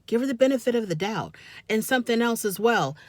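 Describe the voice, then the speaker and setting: A woman commenting on a reality show in a casual, animated way, often scolding the people on it directly. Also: on the high side, fairly quick, no room sound. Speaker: reality TV reviewer.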